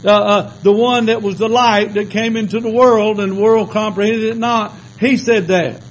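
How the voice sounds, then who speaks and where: A man with a strikingly high voice preaches a fervent sermon. He fires rhetorical questions at the congregation and punctuates his points with repeated calls of amen. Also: fairly even intonation, moderate pace, a little hiss or hum, low-quality recording.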